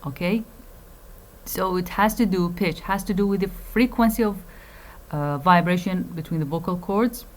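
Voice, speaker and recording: A woman gives a recorded university phonetics lecture in a fairly low voice. She explains things slowly and carefully, fills pauses with "uh" and "um", repeats key phrases, and drops into Arabic asides to clarify.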